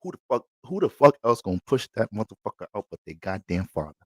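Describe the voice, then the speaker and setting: Man voicing a strict cold father, low, gruff, curt, detached. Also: very animated, quick pace, dry recording. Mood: stern.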